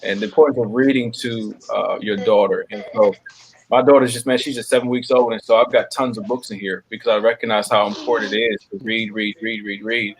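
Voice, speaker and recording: A man's voice: lowish voice, steady tone, a little fast, slight background noise. A man hosting a web panel show on a video call, affirming his guests and often tagging his sentences with "man.". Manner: warm, affirming, peppers speech with "man". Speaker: show host. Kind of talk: web series panel talk.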